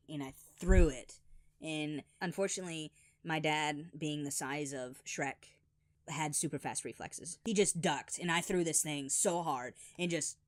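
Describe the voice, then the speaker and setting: A man telling funny childhood stories in an animated, exaggerated voice-over. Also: a little high, no echo, clean studio sound. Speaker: storyteller. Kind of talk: animated comedic storytelling.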